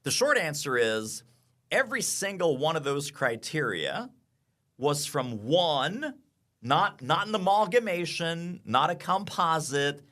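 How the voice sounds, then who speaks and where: A man talking as a guest on an interview podcast, energetic and quick to act out what clients say. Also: on the high side. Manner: energetic, acts out clients' lines in quoted voices. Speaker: sales consultant and author, podcast guest. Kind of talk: animated interview talk.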